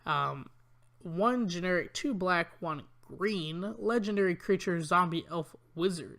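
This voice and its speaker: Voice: medium pitch, a little slow, fairly bright tone. A channel host reviewing new trading card spoilers in a casual, rambling way, with many ums and uhs, reading card text aloud and grumbling about weak cards.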